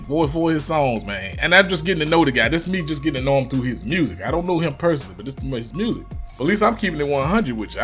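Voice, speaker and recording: Animated, slangy man reacting on camera. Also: medium pitch. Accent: Virginia. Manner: loose, slangy, animated, swears freely. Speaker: reaction youtuber. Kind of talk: casual reaction commentary.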